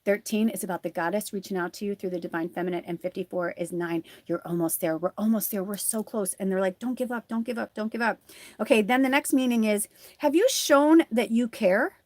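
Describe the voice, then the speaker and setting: A woman's voice: medium pitch, a little fast, a little mellow, no room sound. Chatty woman giving a live card reading. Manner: rambling, chatty, many fillers; earnest and encouraging to viewers. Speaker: tarot reader and spiritual medium.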